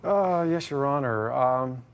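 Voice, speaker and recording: A middle-aged man telling his story in court, halting and full of fillers. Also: medium pitch, expressive, dull audio, slight background noise. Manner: hesitant, halting, many fillers. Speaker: plaintiff. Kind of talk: testimony in court.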